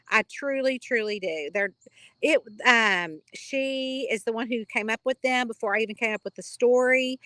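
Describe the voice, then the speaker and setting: A woman's voice: high voice, pushed and bright, dry recording. A middle-aged woman with a Kentucky twang, chatting with readers on a live stream in a rambling, bubbly way. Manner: chatty, rambling, bubbly, reads out viewer comments. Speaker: author hosting a live reader chat. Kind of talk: casual livestream chat.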